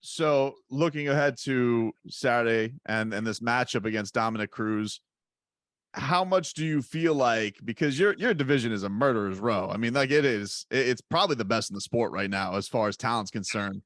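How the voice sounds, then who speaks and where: A man's voice: mid-range voice, normal speed, a bit bright, no room sound, studio quality. A man co-hosting a casual interview, asking long, rambling, stacked questions. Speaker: podcast co-host.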